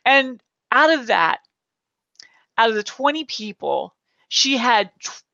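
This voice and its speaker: A woman hosting a casual interview chat, an animated storyteller who acts out what people said. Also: fairly high pitch, takes it slowly, creaky, no room sound, highs cut off. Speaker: host.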